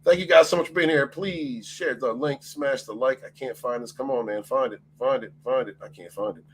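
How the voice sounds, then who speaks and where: A man's voice: medium pitch, fairly quick, a little hiss or hum. A man hosting a casual livestream, greeting his chat by name, laughing often and swearing freely. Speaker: livestream host.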